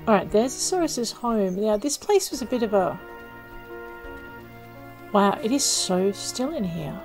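Lady chatting thru her game, mid pitch, jokey and a bit self-mocking, talking to herself on a desk mic. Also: expressive, a little slow, a little mellow, faint music behind, poor audio. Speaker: let's play gamer. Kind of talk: casual gameplay commentary.

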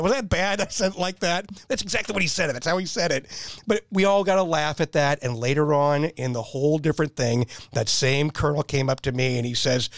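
A military veteran in his fifties, appearing as a podcast guest, tells casual stories with rambling enthusiasm and tends to repeat himself. His voice is a little high and fairly quick, captured dry with clean studio sound.

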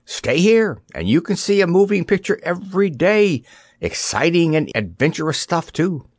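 A man voicing a gentle, naive stuffed dummy king in a storybook reading, quaint and mild. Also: fairly high pitch, very animated, normal speed, dry recording, voice pushed up. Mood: earnest.

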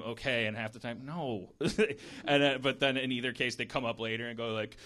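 A man's voice: medium pitch, steady tone, a little fast, few pauses, sharp tone. A man hosting a podcast, chatting casually in a rambling, jokey way with many restarts. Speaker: podcast host. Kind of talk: casual chat.

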